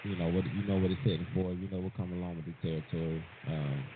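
A man speaking as a guest on a radio talk show, laid-back and relaxed. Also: low voice, quick pace. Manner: laid-back, hyping up the host. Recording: tinny phone-line sound, hiss.

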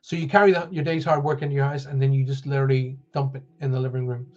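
A man's voice: mid-range voice, level tone, quick pace, a little mellow, dull audio. An Irish man hosting a live wellbeing show, talking casually and joking as he reads out viewer comments. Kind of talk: casual live-stream talk.

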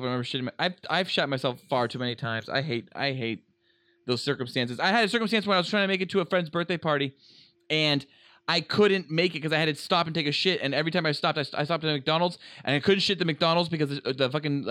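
A young man co-hosting a podcast, telling a story in casual chat, animated and swearing, acting out voices. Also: medium pitch, smooth, dry recording. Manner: swears a lot, laughs while telling. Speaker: podcast co-host.

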